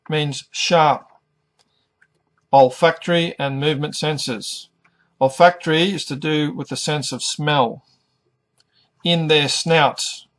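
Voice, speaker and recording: A middle-aged man teaching an English lesson, pronouncing each word carefully and deliberately. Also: medium pitch, fairly bright tone. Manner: careful, over-articulated pronunciation. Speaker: ESL teacher.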